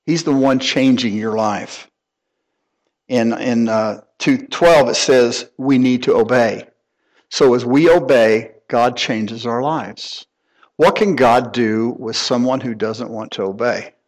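A middle-aged man preaching in a relaxed, folksy way, his voice at an ordinary middle pitch. He tells homey stories and chuckles at himself as he goes. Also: slow. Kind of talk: conversational sermon.

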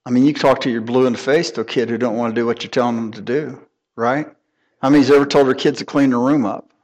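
A middle-aged man preaching in a relaxed, folksy way, his voice at an ordinary middle pitch. He tells homey stories and chuckles at himself as he goes. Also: fast, lo-fi sound. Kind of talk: conversational sermon.

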